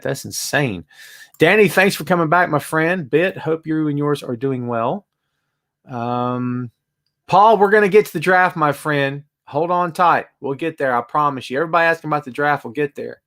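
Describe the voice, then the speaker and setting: A man with a medium-pitched, fairly bright voice hosts a live wrestling podcast from his home room, which holds a bass amp. He keeps things casual and chatty, saying hello to viewers by name.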